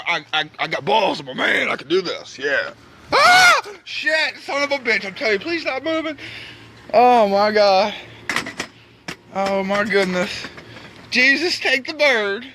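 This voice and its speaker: A man's voice: very high voice, pushed and bright, a little hiss or hum. A man, scared and sweating, cursing and shrieking as he tries to free a trapped bird at his back door. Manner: panicky, cursing, shrieking in fright. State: sweating, frightened. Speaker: vlogger. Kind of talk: filmed personal vlog. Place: at home by a back door, outside.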